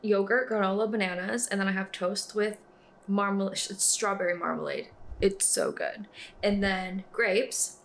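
A woman's voice: medium pitch, steady tone, moderate pace, creaky, slight background noise. A young woman chatting casually to camera in a vlog, upbeat and full of "like". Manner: chatty, upbeat, says "like" often. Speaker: vlogger and disc golfer.

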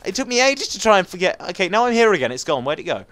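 A man in his late teens from England, rambling fast and jokily through gameplay commentary, with sudden squeaky jumps in his voice. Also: sing-song, a bit bright, a little hiss or hum. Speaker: gaming YouTuber.

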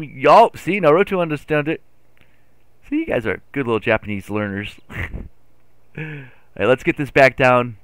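A man streaming a farming game live, chatting playfully with his chat and getting excitable over his driving. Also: medium pitch, moderate pace, long pauses, smooth, no echo. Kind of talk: live gameplay commentary.

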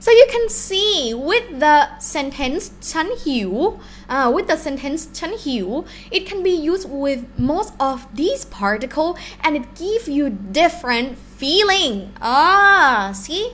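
A young adult woman with a Thai accent, teaching a live language lesson in an animated, encouraging way and asking the class questions. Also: high-pitched, moderate pace, hardly any pauses, slight background noise.

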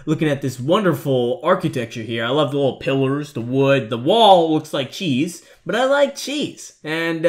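A young man talks over a horror game in a loose, joking ramble. His voice sits a little high and swings widely in pitch. He bursts into nervous yelps when something startles him. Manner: jokey rambling, nervous outbursts. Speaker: gaming YouTuber.

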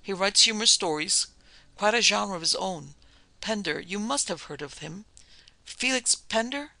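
A woman's voice: mid-range voice, lively intonation, moderate pace, creaky, pushed and bright, no room sound, voice pushed up. A man voicing an earnest, anxious Swedish lady in a classic ghost story reading, who speaks hesitantly and searches for her words. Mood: earnest, worried.

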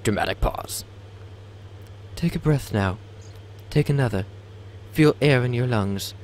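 A man's voice: fairly low pitch, darkish tone, a little hiss or hum. A young man, host of a game video, giving a theatrical reading over gameplay, stumbling and tossing in joking asides. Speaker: let's play host.

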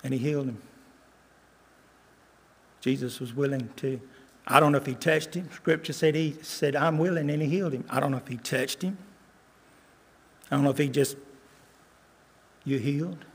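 An older man preaching a sermon as a guest preacher, earnest, repeating lines and slowing down for emphasis. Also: medium pitch, creaky, slightly rough. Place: church sanctuary. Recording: long church reverb.

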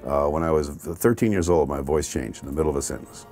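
A man's voice: rumbling low, fast talker, darkish tone, faint music behind. A man being interviewed, telling a wry, self-mocking anecdote with jokes. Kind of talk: humorous anecdote.

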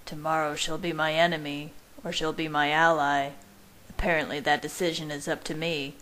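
A young man trying to sound cheerful, read by a woman in her own low voice for a fan fiction reading. He talks quickly and casually. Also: little pitch movement, fairly bright tone.

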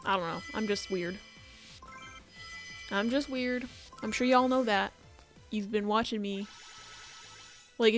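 A woman doing casual commentary on her game pulls, chatty, begging for good luck and swearing when it fails. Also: mid-range voice. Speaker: gaming YouTuber. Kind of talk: casual gacha pull commentary.

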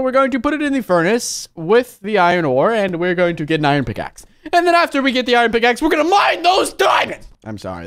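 A man's voice: on the high side, smooth. A man hosting a let's play, narrating his moves with jokey asides and breaking into sudden gasps and shrieks. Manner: excitable, bursts into loud shrieks and gasps. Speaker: gaming channel host.

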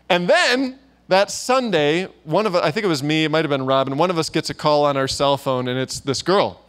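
A man's voice: fairly high pitch, animated, normal speed, a bit bright. A man preaching at a church gathering, telling stories in a chatty, informal way with many fillers and asides. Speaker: guest preacher. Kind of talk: conversational sermon with storytelling.

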